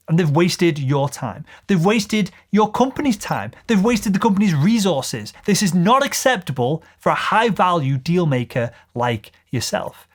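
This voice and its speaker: Lively, assertive male sales trainer. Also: a little high. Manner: assertive, emphatic coaching. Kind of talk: instructional video.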